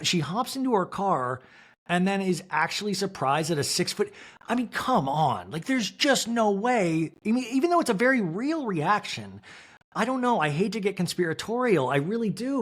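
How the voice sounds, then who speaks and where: Podcast host, male, from Kansas; chatty, animated recapper with a fairly high voice who acts out the cast. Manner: animated, laughing, acts out cast members' lines in mock voices. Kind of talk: solo reality TV recap.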